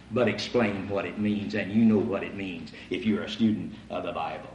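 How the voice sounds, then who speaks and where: A man preaching a sermon, animated, asking his audience rhetorical questions. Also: on the high side, distant mic, slight background noise. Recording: echoey room, voice from away from the mic.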